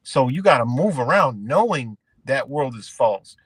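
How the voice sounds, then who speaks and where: A man hosting a livestream, ranting in a rambling, profane, animated way and calling his viewers guys. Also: medium pitch, a little slow, slightly rough, no room sound. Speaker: livestream host. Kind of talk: casual livestream rant.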